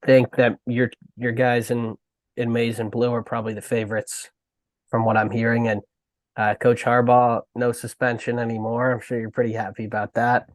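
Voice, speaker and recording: A man's voice: medium pitch, level tone, normal speed, no room sound. A man co-hosting a sports podcast, speaking casually and a bit hesitantly, with many "like" and "um" fillers. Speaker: podcast co-host.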